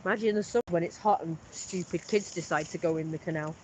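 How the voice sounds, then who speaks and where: A fast, medium-pitched voice rambles on in a chatty, bragging monologue while vlogging outdoors by a canal. There's slight background noise, and the outdoor sound is a little muffled with a faint background.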